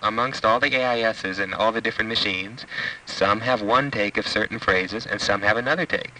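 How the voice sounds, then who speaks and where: A man who is a telephone buff explains technical details on a call, eager and precise. His voice is lowish and very sharp, and he sounds set back from the mic. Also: a little fast, far from the mic, poor audio. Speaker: telephone enthusiast. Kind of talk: phone conversation.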